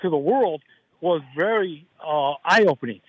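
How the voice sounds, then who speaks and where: A man's voice: fairly high pitch, lively intonation, measured pace, slightly rough, narrow, tinny audio. A man calling in to a radio talk show, earnest and rambling, running his thoughts together. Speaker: caller. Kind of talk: phone-in call to radio show.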